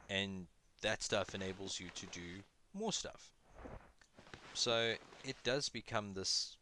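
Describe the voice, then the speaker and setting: Pitched fairly low, his voice comes out pushed and bright, with slight background noise behind it. He's a gaming video host chatting loosely through play, making jokes about himself and talking to the game's creatures as he fights them.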